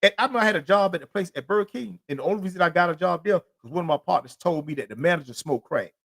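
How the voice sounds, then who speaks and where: High-voiced man telling street stories. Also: animated, fast, creaky, fairly bright tone. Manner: loose, profane street storytelling; rambling, repeats "you know what I'm saying". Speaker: podcast host. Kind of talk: solo podcast monologue.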